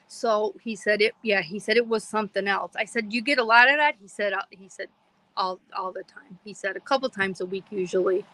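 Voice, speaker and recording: A middle-aged podcast host from Pennsylvania, her voice a touch higher than most women's. She tells her stories casually and with lots of animation, slipping into the other people's lines and laughing along the way. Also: no room sound, rough recording. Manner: animated, quotes herself and others, laughs often. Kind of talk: casual storytelling.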